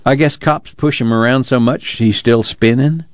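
A man voicing an easygoing young mechanic who talks in a lively, wry drawl. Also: medium pitch, normal speed, dry recording, pitched above the performer's own voice, lightly acted. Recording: dull lo-fi recording.

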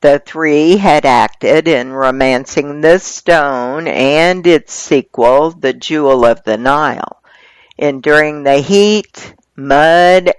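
A reader reading magazine articles aloud in a steady, measured way. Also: medium pitch, smooth, no room sound.

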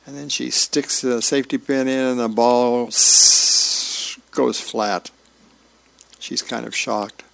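A man reads the newspaper comics aloud for a radio reading service, his voice deeply gravelly and full of fry. He takes it easy and folksy, correcting small slips as he goes. The sound is dry and close, with no room around it. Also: steady tone, slow pace, fairly bright tone, no echo.

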